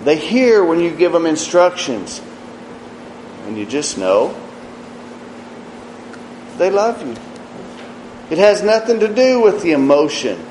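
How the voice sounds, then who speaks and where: A man preaching slowly and earnestly, his voice sitting a little higher than most men's. He leans into key phrases, then drops into quiet asides. The room rings with echo, and a faint air-conditioning hum sits underneath. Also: very animated. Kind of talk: sermon.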